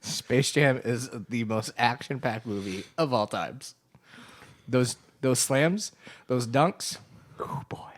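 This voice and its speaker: A man's voice: mid-range voice, takes it slowly. Rowdy, laughing man on a podcast. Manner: laughs often, crude and rowdy. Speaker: player and co-host. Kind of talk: casual podcast chat.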